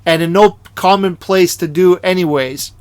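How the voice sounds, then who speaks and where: A man's voice: high voice, moderate pace, clear, resonant tone, no room sound. A man giving indignant opinion commentary over a video he is playing, emphatic and prone to repeating words. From Canada.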